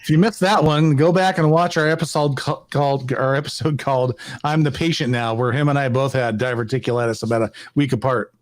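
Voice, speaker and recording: A man's voice: mid-range voice, fairly even intonation, a little fast, hardly any pauses, no echo. Male co-host, casual; short agreeing interjections, reads viewer comments; dry, close recording. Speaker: podcast co-host. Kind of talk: casual podcast chat.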